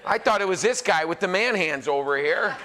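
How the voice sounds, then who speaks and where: Hosting a live demo for an audience at a pizza academy kitchen, this celebrity chef, a man in his forties, mixes tips with jokes and teasing. His pitch sits high, his intonation is lively, his pace slightly quick, and there's some background noise.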